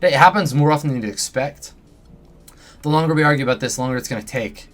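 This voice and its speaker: A man's voice: mid-range voice, quick pace, faint music behind, lightly acted. A man voicing an impatient, exasperated male fixer with a sarcastic manner. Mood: irritated. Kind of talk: reading game dialogue aloud.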